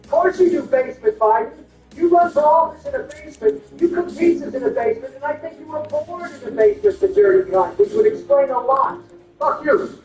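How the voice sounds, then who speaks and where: A man's voice: extremely high pitch, lively intonation, brisk, vocal fry, darkish tone. A man doing comedic game commentary, trading crude insults in bickering impressions. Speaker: gameplay commentator. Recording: roomy, distant, muffled, with music.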